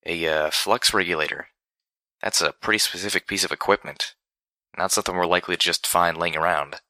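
A man's voice: low-pitched, steady tone, fairly quick, sharp tone, no echo. A man voicing a small female unicorn pony who speaks in a wry, skeptical way in a storybook reading.

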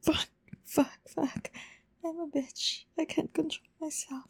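Woman, whispered role-play, high voice, gravelly fry, breathy pleading tone. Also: steady tone, a little slow, mellow. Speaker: audio role-play performer.

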